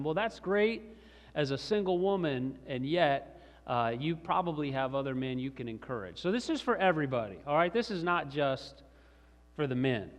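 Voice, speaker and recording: A middle-aged male pastor delivers a sermon in a chatty, story-telling manner with chuckles. His voice sits slightly high for a man. A long reverb from the large church hall trails after his words. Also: very animated, normal speed.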